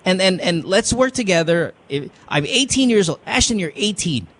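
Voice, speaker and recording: This podcast host has a high-sitting, fairly bright voice, animated and at normal speed, with a Filipino accent. Offering casual advice, he is blunt and profane, moving between English and Tagalog.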